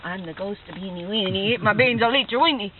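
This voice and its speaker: A woman doing a hushed little hotel ghost. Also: mid-range voice, fast talker, crowd noise, lightly acted. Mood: spooky. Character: spooky hotel ghost, small voice. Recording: tinny phone-like sound.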